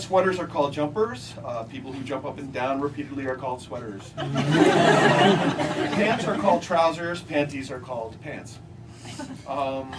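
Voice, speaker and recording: A man giving a comic talk at a book signing, telling deadpan anecdotes and jumping into high voices to mimic what others say. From United States. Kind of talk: comic talk to a live audience. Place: bookstore event space, mixed with audience. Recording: distant mic, loud crowd and room noise. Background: audience laughter.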